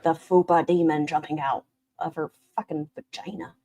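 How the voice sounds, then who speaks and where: A woman reacting to clips on a stream, sarcastic and swearing freely, swinging from loud bursts to muttered asides. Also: deep voice, steady tone, moderate pace. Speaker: commentary streamer.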